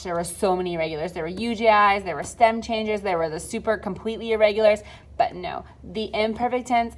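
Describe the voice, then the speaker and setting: A young adult woman teaching a recorded Spanish lesson, patiently drilling conjugations aloud. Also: mid-range voice.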